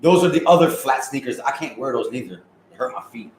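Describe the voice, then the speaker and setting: A man's voice: medium pitch, animated, fairly quick, reverberant, a little hiss or hum, poor audio. A man in his thirties chatting casually on a livestream, reading viewer comments and joking in loose, profane street slang. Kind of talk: casual live-stream chat.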